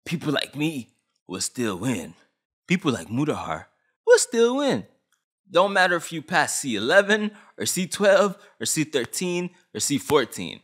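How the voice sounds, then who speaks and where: Agitated ranting man, lively pitch. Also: a little slow. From Canada. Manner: agitated, blunt, slangy. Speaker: vlogger. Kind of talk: heated opinion rant.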